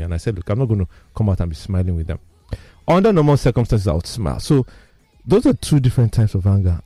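A man, telling personal stories in casual talk as he explains a topic, animated and emphatic. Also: lowish voice, no echo. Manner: animated storyteller, lively and emphatic.

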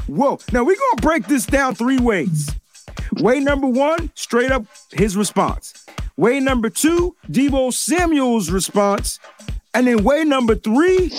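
A man hosting a casual sports talk show, talking in an animated, emphatic way and repeating his points. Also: extremely high pitch.

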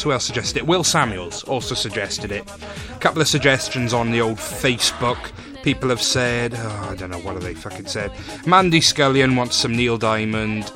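A man hosting a casual podcast, full of cheeky, teasing banter with his guest on a call. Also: medium pitch. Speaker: podcast host.

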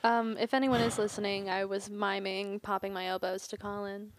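A woman's voice: mid-range voice, little pitch movement, normal speed, dry recording. A woman chatting on a casual podcast, saying "like" often as she tells stories. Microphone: condenser mic.

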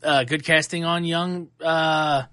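A man hosting a podcast, giving a casual and animated movie review full of fillers and restarts. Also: a little high, slow pace, no room sound, clean studio sound. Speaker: podcast host.

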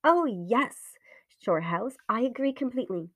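A woman putting on an old aunt in a ghost story, jumpy, breathless, high whispers, pitched far above her usual voice, dry close sound. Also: animated, a little slow, a bit bright, no room sound. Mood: agreeable. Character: frightened old aunt, adventurous but jumpy.

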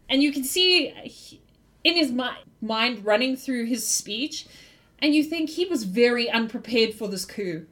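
Woman game master narrating a tabletop session; playful, laughs easily, fairly high voice. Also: a little slow. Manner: lively, laughs often.

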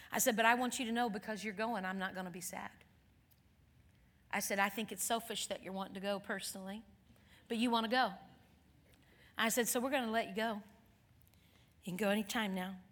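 A middle-aged woman minister telling a personal story in a sermon, dropping to soft near-whispers and rising to loud excited outbursts. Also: medium pitch. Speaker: guest minister. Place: church. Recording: long hall reverb.

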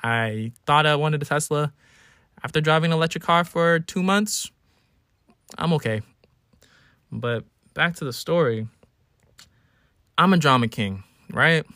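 A man's voice: a little high, animated, measured pace, pauses often, sharp tone, dry recording, clean studio sound. A man in his early twenties hosting a casual solo podcast, telling stories with animation and acting out his own whining. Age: 20s. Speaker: podcast host.

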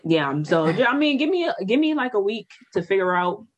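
A woman in casual chat, blunt and animated, swearing freely and jumping high when heated. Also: a little fast.

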